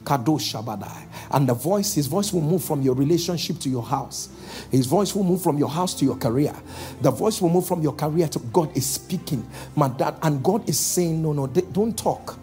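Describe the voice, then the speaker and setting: A man preaching a sermon as pastor, calling out to the congregation and slowing down for emphatic lines. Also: a little high, animated, soft background music. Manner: calls out to the congregation, shifting between loud exhortation and slow emphatic lines.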